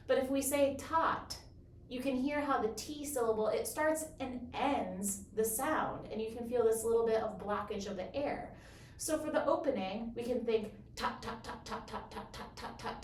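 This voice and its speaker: Woman, bassoon teacher, higher voice, methodical and encouraging, roomy echo. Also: normal speed, a little mellow, distant mic, slight background noise. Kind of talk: instructional explanation.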